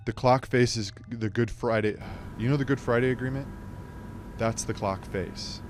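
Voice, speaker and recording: A man delivering a surreal comic monologue as a speech contestant, in a deadpan manner with stumbles and asides. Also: medium pitch, unhurried, soft background music.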